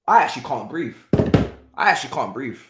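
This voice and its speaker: A man's voice: mid-range voice, big pitch swings, brisk, fairly bright tone, echoey room. A young man, hosting a live football watchalong, exclaiming and swearing as he reacts.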